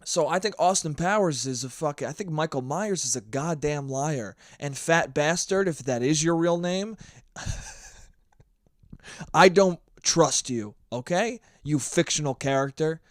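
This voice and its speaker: A man's voice: a little high, a little slow, no echo, studio quality. A man hosting a solo podcast, rambling and profane in a casual, self-mocking monologue. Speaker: podcast host.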